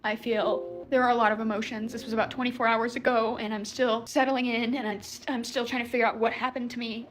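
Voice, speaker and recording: A woman's voice: fairly high pitch, little pitch movement, fast talker, hardly any pauses. A young woman telling her story in an emotional confessional video, anxious and self-blaming, near tears and rambling. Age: young adult. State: tearful, near crying. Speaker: social media poster telling her story.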